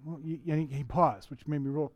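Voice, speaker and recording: A man's voice: on the high side, steady tone, fairly quick, darkish tone, no room sound, muffled recording. A middle-aged man preaching a sermon as a pastor in a conversational way, asking the congregation questions and often restarting his sentences. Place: church.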